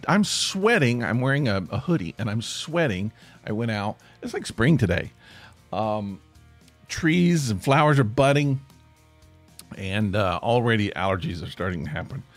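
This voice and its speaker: A man hosting a casual solo podcast, hoarse with his voice nearly gone, rambling and grumpy in a joking way. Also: medium pitch, no room sound. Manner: rambling, self-interrupting, grumpy humor. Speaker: podcast host. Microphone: podcast microphone.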